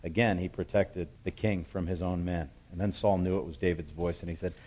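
A man's voice: low-pitched, fairly even intonation, brisk. A man preaching a sermon, retelling scripture and acting out its voices. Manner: acts out scripture voices, shouting the calls across the hills.

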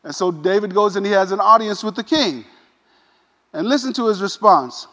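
A man preaching a sermon, retelling a scripture story in a casual, animated way with modern asides. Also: high voice, moderate pace, big-room sound. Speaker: pastor.

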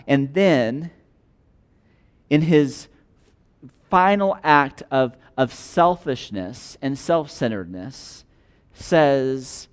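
A man's voice: animated, extremely slow, pauses often, smooth. A man preaching a sermon, reading a passage aloud and then explaining it in plain everyday words. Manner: reads scripture aloud, then explains it in plain conversational terms; voices the rich man's and God's words with shifting pitch and loudness. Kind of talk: sermon on a parable.

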